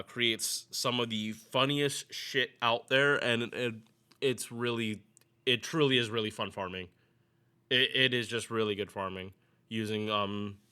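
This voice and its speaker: Casual male gaming streamer, bright and clear voice, loose rambling delivery. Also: medium pitch. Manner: rambling, restarts, chatty with viewers. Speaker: gaming YouTuber. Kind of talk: casual game commentary.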